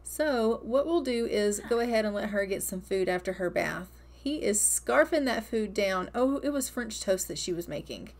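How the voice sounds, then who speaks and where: A woman's voice: mid-range voice, animated, moderate pace, few pauses. A woman narrating her life-simulation gameplay in a chatty, upbeat way, stretching and repeating words for emphasis. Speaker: gaming video host.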